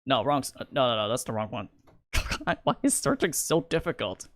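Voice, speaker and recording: A man's voice: medium pitch, huge pitch swings, normal speed, music in the background. A young man giving casual live-stream commentary, rambling and stammering with many restarts. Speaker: streamer and video creator.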